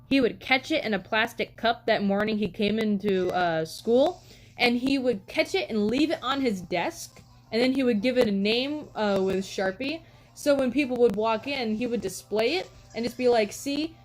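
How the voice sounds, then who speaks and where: The recording is low quality, and the young woman's voice sits on the high side. Casually live streaming, she greets her viewers and rambles through stories filled with "like" and "um."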